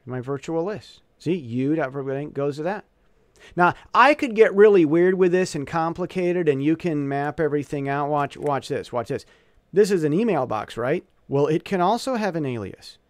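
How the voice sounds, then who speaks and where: A man giving a casual software walkthrough, thinking aloud as he clicks through, often restarting and correcting himself. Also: a little high, lively intonation, normal speed, dry recording, clean studio sound. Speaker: tutorial presenter.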